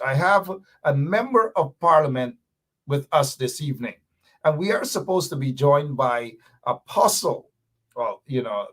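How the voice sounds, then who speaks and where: A man's voice: mid-range voice, fairly bright tone. A man hosting a live talk show, playfully teasing viewers as he reads their comments aloud.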